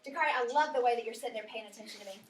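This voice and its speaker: A high-pitched woman teacher leads a lesson for young children in an upbeat, encouraging way. She says each word slowly and clearly. The mic sits far from her in a roomy classroom, with a faint hiss behind.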